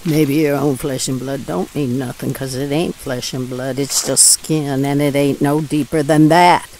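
A woman's voice: rumbling low, fairly even intonation, measured pace, darkish tone, a little hiss or hum. An actress playing a destitute older woman ranting, in an audio drama. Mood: brooding. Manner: furious ranting, drawling rural speech. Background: rain.

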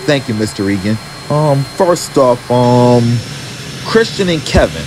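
A man's voice: mid-range voice, noisy background, close to an everyday voice. A man voicing a hesitant male railway yard manager handing out jobs with many ums.

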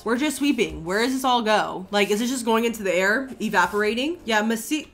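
A young woman streaming a game, commenting excitedly, swearing freely and talking to her viewers. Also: medium pitch, normal speed, faint music behind. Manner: excitable, profane, talks to the chat. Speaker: gaming streamer. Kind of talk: casual gameplay commentary.

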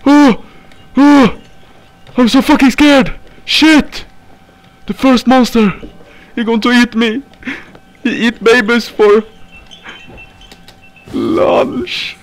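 Panicky high-voiced young man screaming. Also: steady tone, drawn-out words, long pauses. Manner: panicky, swears and screams often. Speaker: gaming YouTuber. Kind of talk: horror game playthrough commentary.

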